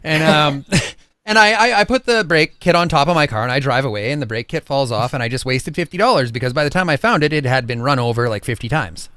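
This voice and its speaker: A man's voice: medium pitch, expressive, fast talker, a bit bright, smooth, dry recording, clean studio sound. A man hosting a podcast, telling stories animatedly and emotionally, casually swearing. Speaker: podcast host. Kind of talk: casual interview chat.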